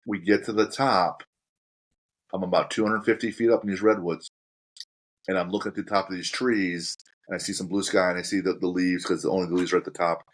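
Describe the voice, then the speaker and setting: A man's voice: low-pitched, fairly even intonation, fairly quick. A man hosting a podcast, telling a story step by step in a casual chat and acting out his own reactions along the way. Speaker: podcast host.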